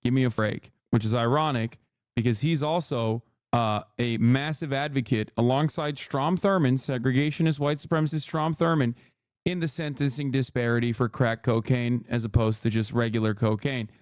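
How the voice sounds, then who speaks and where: Brash, mocking male streamer, smooth dry voice. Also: medium pitch, fairly even intonation, moderate pace, a little mellow, dry recording. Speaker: streamer reacting to news clips. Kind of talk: livestream reaction commentary.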